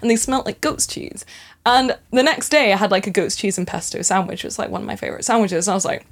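A woman's voice: medium pitch, fast talker. A woman with a Scottish accent, a podcast guest in casual chat who tells rambling stories and laughs often.

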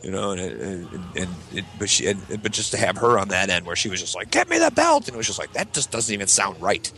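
Gravelly Midwestern man telling stories. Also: fast, a little hiss or hum. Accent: American Midwest. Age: 30s. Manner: animated, swears freely, acts out voices in a shrill falsetto. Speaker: podcast co-host. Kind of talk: casual storytelling chat.

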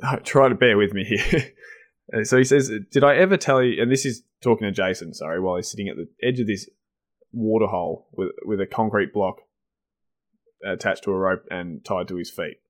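A man's voice: lowish voice, fairly quick. A man co-hosting a podcast in casual chat, enthusiastic and laughing often, with many fillers and restarts. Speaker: podcast co-host.

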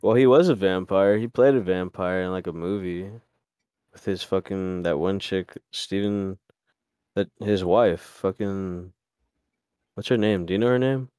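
A man's voice: low voice, unhurried, warm tone, smooth, no room sound, clean studio sound. A young man co-hosting a podcast, talking in a loose, joking way, swearing and trying out silly accents. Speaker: podcast co-host. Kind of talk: casual chat.

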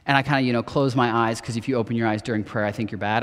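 A man in his thirties giving a sermon as pastor, telling a personal story earnestly and dropping softer for quoted words. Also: mid-range voice, fast, smooth. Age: 30s. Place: church auditorium. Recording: long reverb of a church hall.

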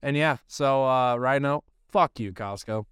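Hosting a podcast, a man with a mid-range, fairly bright, clear and resonant voice tells a casual story at an unhurried pace, rambling and swearing with plenty of filler words. The recording is clean studio sound with no room noise.

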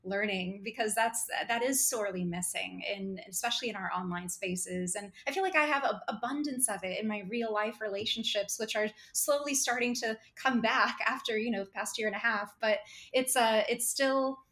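A woman's voice: on the high side, normal speed, a bit bright. An American woman who acts, talking as a podcast guest, enthusiastic and laughing often with many fillers. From United States. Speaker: guest, actor. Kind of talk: casual podcast interview.

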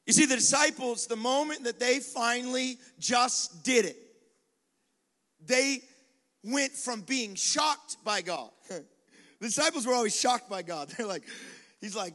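A male pastor preaching a sermon in a lively, conversational style, with quick acted asides and dares to the congregation. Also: sits high. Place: large venue with live congregation. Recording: long hall reverb.

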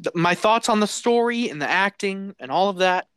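A man co-hosting a podcast, telling a story in a casual, animated way, laughing and swearing as he goes. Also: high-pitched, moderate pace, clean tone, no room sound. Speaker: podcast co-host.

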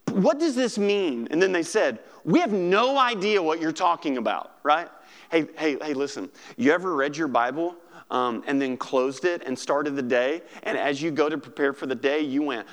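A man preaching a sermon, conversational and animated, checking in with "right?" and acting out scripture voices, with loud emphatic moments and soft quiet stretches. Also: a little high, normal speed. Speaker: pastor.

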